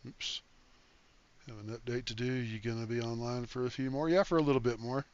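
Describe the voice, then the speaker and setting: A man's voice: medium pitch, steady tone, fairly quick, lo-fi sound. An older man hosting a casual game livestream, reading chat aloud in an easygoing, folksy way and thanking viewers.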